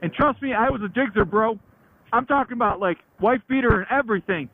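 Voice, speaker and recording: A man in his late thirties with a high voice spins a loose, slangy story about his riding days, swearing casually as he goes. The sound is thin and tinny like a phone line, with a light hiss under it. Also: brisk. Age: late 30s. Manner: slangy, chatty, laughs often, swears. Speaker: motorcycle vlogger.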